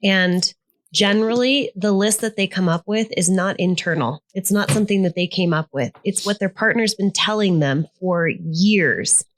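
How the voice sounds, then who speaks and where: A middle-aged woman who is a therapist, chatting casually on a podcast, asking clarifying questions and thinking out loud. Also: mid-range voice, moderate pace. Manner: asks probing clarifying questions, thinks aloud. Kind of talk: casual conversational podcast chat.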